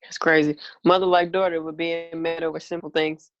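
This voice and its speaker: A woman's voice: sits low, little pitch movement, brisk, muffled recording, soft background music. A woman co-hosting a casual podcast chat, speaking in a blunt, laid-back banter. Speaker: podcast co-host.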